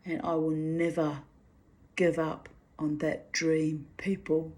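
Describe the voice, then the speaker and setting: A woman's voice: deep voice, little pitch movement, slow, darkish tone. A middle-aged woman reading her diary aloud and chatting about it in a wry, self-mocking way that breaks into laughter. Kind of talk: casual spoken diary reading.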